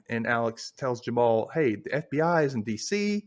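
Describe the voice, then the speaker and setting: A man's voice: mid-range voice, moderate pace, hardly any pauses. A man hosting a casual podcast, retelling scenes and acting out the characters' lines. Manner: animated retelling, acts out lines. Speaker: podcast host. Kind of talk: casual recap chat.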